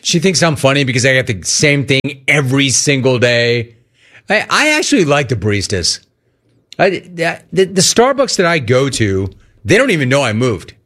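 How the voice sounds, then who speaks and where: Animated ranting male radio host. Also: normal speed. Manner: animated, ranting, mocks cheerful greetings in a high voice. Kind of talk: radio call-in show banter.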